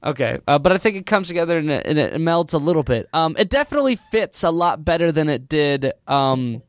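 Casual male co-host, lively pitch, fairly high, dry close sound, laughs a lot. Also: brisk, dry recording. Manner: laughs often, animated, imitates music sounds. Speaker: podcast co-host reviewing a film score. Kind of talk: casual chat.

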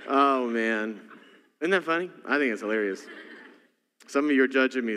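Male senior pastor, relaxed storyteller mid-sermon, ringing bright voice, reverberant sanctuary. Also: mid-range voice, normal speed, slight background noise. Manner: casual, chuckling storytelling to the congregation. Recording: long hall reverb.

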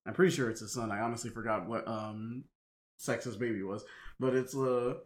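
Podcast co-host, man, halting and rambling, casual film talk. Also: mid-range voice, fairly even intonation. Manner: halting, many restarts and fillers. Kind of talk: casual movie discussion.

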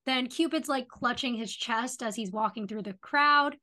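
A woman's voice: a little high, normal speed, hardly any pauses, sharp tone. A woman co-hosting a podcast, casually retelling an episode's plot and quoting the characters' lines along the way. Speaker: podcast co-host. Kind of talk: casual recap chat.

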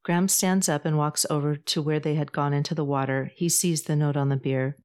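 Calm, low-voiced woman narrator for a podcast storybook. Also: brisk, hardly any pauses, clean tone. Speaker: author and podcast host.

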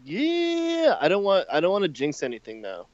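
A man's voice: on the high side, big pitch swings, quick pace, darkish tone, no room sound, dull audio. A man co-hosting a casual podcast, joking and teasing his co-host, with casual swearing.

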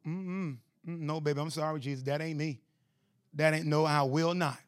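A man's voice: on the high side, fairly even intonation, moderate pace, a little hiss or hum, pitched below the performer's own voice, natural voice. A man voicing a flustered male apostle who pleads and hurriedly denies everything, within a sermon. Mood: pleading denial.

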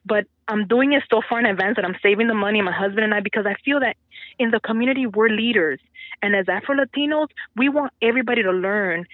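A woman's voice: fairly high pitch, dry recording. A woman from the Dominican Republic, a teacher, talking in an interview over the phone, chatty and laughing often. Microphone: telephone. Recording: tinny phone line.

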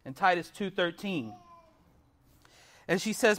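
A young man preaches a sermon earnestly, frequently putting questions to the congregation. His voice is high-pitched, very animated, and fairly bright, at a slightly slow pace.

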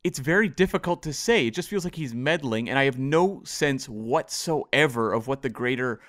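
A man co-hosting a casual podcast, talking in a thoughtful, measured, hedging way. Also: mid-range voice, animated, a bit bright, dry recording, studio quality. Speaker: podcast co-host. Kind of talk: casual discussion of a TV episode.

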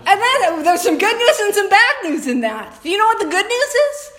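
A woman's voice: extremely high pitch, sing-song, fairly quick, fairly bright tone. A woman speaking to a recovery meeting in an earnest, conversational way, often laughing and addressing the room directly. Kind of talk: personal talk to a meeting. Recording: echoey room recording.

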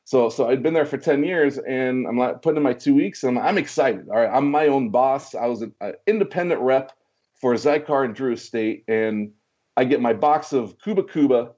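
Over a muffled recording, a man with a mid-range voice and moderate pace shares a long story from his past in a casual interview. He animates it by acting out quoted lines, though he frequently restarts and repeats words.

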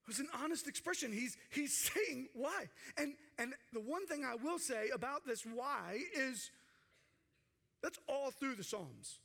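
A man preaching a sermon with passion, acting out quoted cries and dropping to hushed tones for emphasis. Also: very high voice, lively intonation, a little slow, gravelly. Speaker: pastor.

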